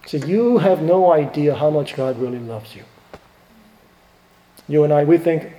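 A middle-aged man, a pastor, preaching a sermon with emphatic swings between hushed and rising delivery. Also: mid-range voice, normal speed. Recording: echoey hall with long reverb.

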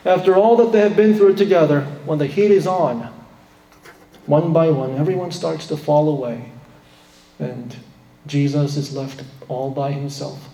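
Guy preaching a sermon, mellow voice, roomy echoey church sound. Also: unhurried. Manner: emphatic preaching, acts out quotes with rising pitch. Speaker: pastor. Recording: roomy hall with long reverb.

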